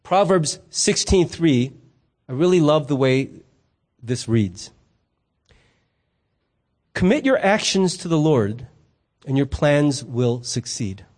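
A middle-aged man delivers a sermon in a relaxed, conversational way. His voice sits high and light for a man. He slips into stories and playful asides as he teaches. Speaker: pastor.

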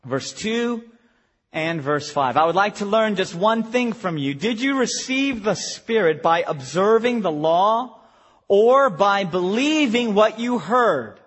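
Male pastor, lively high voice, slightly husky; preaches from hush to shout in an echoing hall. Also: slow pace, muffled recording. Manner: animated, swings from hushed to shouting. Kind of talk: retreat sermon. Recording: long hall reverb.

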